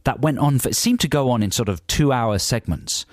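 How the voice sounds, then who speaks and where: A man co-hosting a radio show, rambling through wry, deadpan jokes. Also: medium pitch, brisk, no room sound, studio quality. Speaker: radio co-host. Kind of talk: comic radio banter. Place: radio studio. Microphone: studio microphone.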